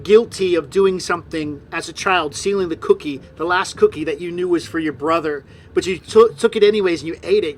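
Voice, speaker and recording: Acting as game master for a tabletop game, a man narrates scenes with frequent fillers. His voice sits high and is a bit bright, with a little hiss or hum.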